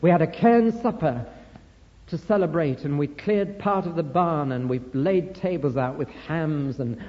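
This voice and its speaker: A man preaches a storytelling sermon, his voice pitched a little high. His emphasis grows fervent as he speaks. The recording is dull and lo-fi, with a long echo from a large hall. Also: unhurried.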